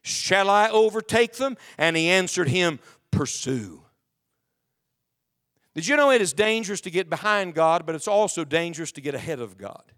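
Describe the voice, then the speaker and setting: Speaking a little fast in a high, bright-edged voice, this pastor is expressive as he preaches in a church sanctuary full of people. He reads King James scripture aloud and fires emphatic questions at the congregation.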